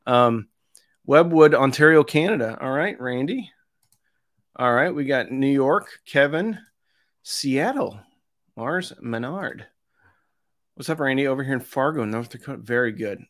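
A man's voice: medium pitch, animated, a little slow, pauses often. A man hosting a live stream, chatting casually and reading out where his viewers are from, with jokey asides. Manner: chatty, jokey asides between roll calls. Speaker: host of an audio review channel.

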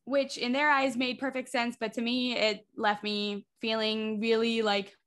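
A woman's voice: a little high, little pitch movement, a little slow, a bit bright. A woman in her twenties, a theater artist talking as a podcast guest in a chatty way, leaning on lots of "like" fillers. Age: 20s. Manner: chatty, leans heavily on "like" fillers. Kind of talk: casual podcast conversation.

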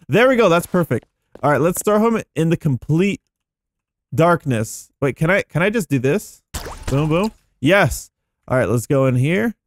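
A man giving excitable, chatty gameplay commentary as a gaming YouTuber, thinking aloud as he goes. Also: mid-range voice, no room sound, studio quality.

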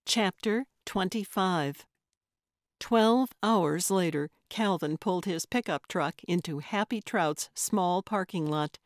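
A woman narrating a cozy mystery audiobook in a measured, even manner. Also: lowish voice, dry recording, clean studio sound. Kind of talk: scripted narration.

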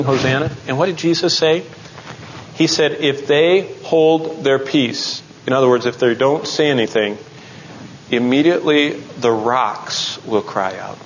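A man teaching the Bible in a sermon style, telling the story dramatically and rising into excited outbursts. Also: fairly high pitch, muffled recording, slight background noise.

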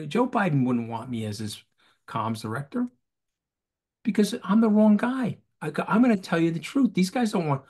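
A man talking as a guest in an animated interview over a video call, emphatic and rhetorical, repeating phrases for effect. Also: high voice, moderate pace, husky.

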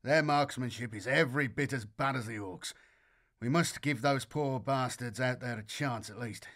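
A man's voice: mid-range voice, normal speed, a bit bright, close to an everyday voice. A man voicing a weary male sergeant who gives terse, dry commands.

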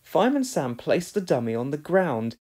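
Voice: medium pitch, moderate pace. A reader narrating a children's storybook aloud and voicing every character. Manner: expressive, reads every character in a different voice.

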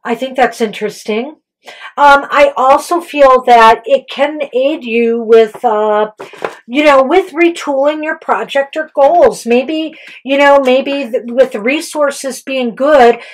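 A woman's voice: high voice, takes it slowly, poor audio. A woman co-hosting a casual tarot reading, talking loosely with many fillers and self-corrections. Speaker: tarot reader and co-host.

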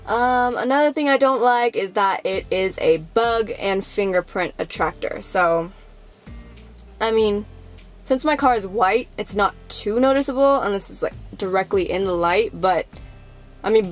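A woman's voice: medium pitch, normal speed, soft background music. A young woman vlogging casually to the camera, rambling with lots of fillers and acting out how people reacted.

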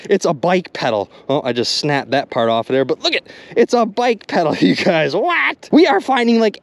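A man commenting excitedly to his viewers while magnet fishing outdoors by a river. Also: high-pitched, dry recording. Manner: excitable, addresses viewers as "you guys".

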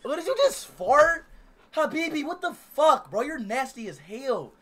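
A man livestreaming on the street, loud and playful as he teases the strangers he meets. He speaks, and his voice is bright and jumps up and down a lot. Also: very high-pitched, animated, measured pace, slight background noise. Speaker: streamer. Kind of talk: casual street chat with strangers.

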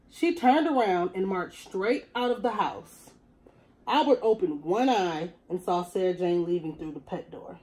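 A woman teacher reading a picture book aloud to young children in an expressive storytelling voice. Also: fairly low pitch, measured pace, poor audio.

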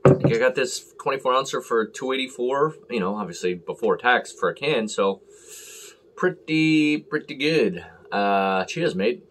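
A man's voice: medium pitch, lively intonation, moderate pace, fairly bright tone, a little hiss or hum. A man talking casually and rambling as he reviews a beer on camera, full of fillers and self-deprecating asides.

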